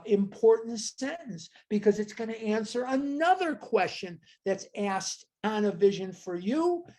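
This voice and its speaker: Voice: medium pitch, darkish tone. A study group leader teaching a book study over a video call, talking in an emphatic way and asking rhetorical questions to lead the group.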